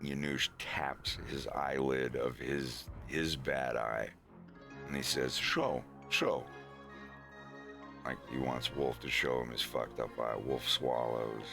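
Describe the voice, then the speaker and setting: A man's voice: extremely low pitch, steady tone, slow pace, creaky, over music. A man streaming, casually retelling a story scene with fillers and giggles. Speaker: streamer narrating his animation script.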